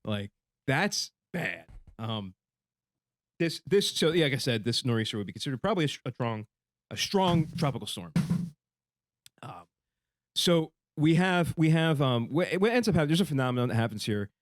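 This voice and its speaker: A man's voice: medium pitch, sing-song, moderate pace, no room sound, studio quality. A man hosting a podcast in casual chat, rambling with fillers and swearing. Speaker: podcast host.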